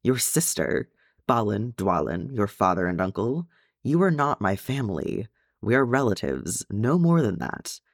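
A bitter, grieving old dwarf woman, as a male reader puts her on. She speaks in a cold, clipped, hard way, with a low voice that still swings widely in pitch. The sound is close and dry. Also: very animated, a little slow, no echo, heavily acted.

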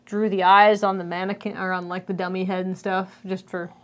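A woman's voice: on the low side, little pitch movement, a little fast. A woman co-hosting a podcast, talking casually and upbeat, sprinkling in many fillers. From Victoria, Canada. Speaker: podcast co-host, illustrator. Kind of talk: casual chat.

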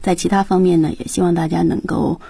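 A woman's voice: lowish voice, fairly even intonation, fast, creaky, dark tone, slightly rough. A woman co-hosting a radio English lesson, summarizing points and guiding the talk. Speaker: radio co-host.

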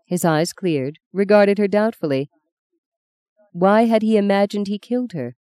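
A woman narrating a novel as an audiobook in a measured, expressive storytelling voice. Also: mid-range voice, smooth, dry recording. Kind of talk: scripted narration.

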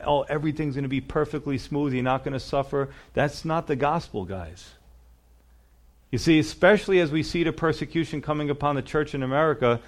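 Earnest man preaching, slightly high voice. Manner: earnest, emphatic preaching with frequent "you know" and "you see". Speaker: pastor. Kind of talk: sermon.

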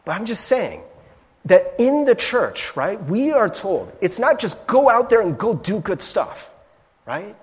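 A man's voice: sits high, unhurried. A male pastor preaching a sermon in a conversational way, often checking in with "right?". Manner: animated and conversational, keeps asking "right?". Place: church sanctuary. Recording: long reverb of a large hall.

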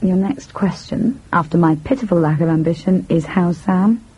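A young woman with a husky voice, speaking in a sardonic, dry and sharp-tongued way. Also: fairly low pitch, moderate pace, dull audio. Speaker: daughter character. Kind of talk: drama acting.

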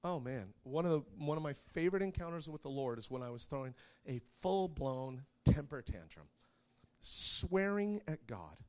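Animated man preaching with lively pitch. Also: normal speed. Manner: animated storyteller who laughs often and gets loud when acting out scenes. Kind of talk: sermon with personal stories.

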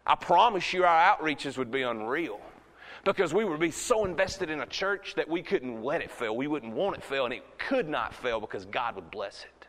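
A man, preaching a sermon as pastor. He swings from loud shouts to hushed asides. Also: a little high, expressive, normal speed, in a large hall. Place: church sanctuary.

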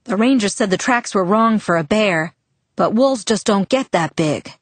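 A woman's voice: mid-range voice, expressive, normal speed, dry recording, lightly acted. A woman reading the lines of a stern, worried father who is a police chief. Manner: stern, demanding.

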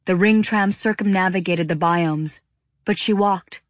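Woman narrator, steady audiobook reading, lower voice, dry close sound. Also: unhurried, dry recording. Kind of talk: scripted narration.

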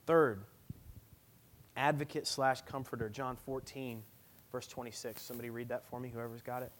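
A man's voice: medium pitch, steady tone, normal speed, slight background noise. A man in his thirties, a pastor giving a conversational, emphatic sermon with personal stories.

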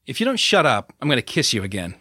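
A man voicing a confident young woman who speaks low, quiet and clipped. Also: wildly swooping pitch, fast, breathy edge, dry recording, studio quality, heavily acted. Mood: calm. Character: cool, determined young woman, fearless.

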